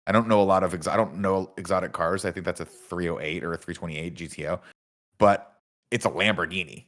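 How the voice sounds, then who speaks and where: A man's voice: low-pitched, steady tone, fairly quick, fairly bright tone. A man co-hosting a podcast, recapping a movie in a casual, enthusiastic way, laughing often and swearing freely. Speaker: podcast co-host.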